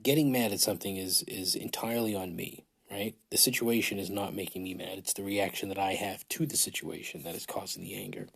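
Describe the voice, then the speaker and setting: A man's voice: deep voice, steady tone, a little fast, vocal fry, hardly any pauses, a bit bright, husky. A man hosting a casual solo podcast, rambling and swearing with self-mocking humor, his throat dry, recorded on a phone in a large hotel room. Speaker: podcast host.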